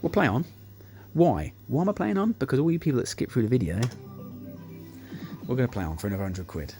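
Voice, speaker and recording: A man's voice: mid-range voice, fast. Sweary man telling slot stories. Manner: sweary, animated anecdotes, acts out quotes. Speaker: slot machine YouTuber. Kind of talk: casual storytelling over gameplay. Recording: music playing behind the voice.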